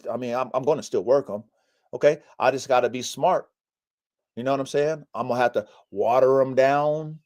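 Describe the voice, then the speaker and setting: Blunt, profane man with a high voice. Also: darkish tone. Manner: blunt, profane, preachy, repeats himself. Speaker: podcast host and dog breeder. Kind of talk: casual live-stream talk. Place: home in the mountains.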